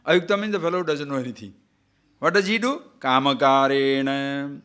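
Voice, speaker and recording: A man lecturing on scripture as a spiritual teacher, chanting Sanskrit verses and acting out examples, swinging between loud and hushed. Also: high-pitched, expressive, quick pace.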